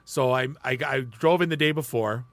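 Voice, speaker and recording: A man co-hosting a podcast, telling stories in an animated way and swearing freely. He is from the Detroit area. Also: medium pitch, normal speed, no echo. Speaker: podcast co-host. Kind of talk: casual chat, storytelling.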